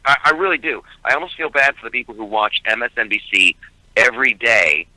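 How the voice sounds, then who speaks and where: A man's voice: medium pitch, fast talker, pushed and bright, no room sound, poor audio. A male comedian talking animatedly by phone as a radio guest, with frequent stammered restarts. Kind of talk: casual radio interview. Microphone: phone call.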